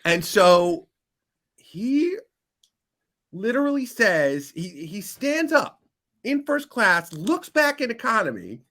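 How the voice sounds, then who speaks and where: Lively man telling a story. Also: high-pitched, slow pace. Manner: animated storyteller, rising loud for punchlines. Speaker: podcast guest. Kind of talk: casual storytelling.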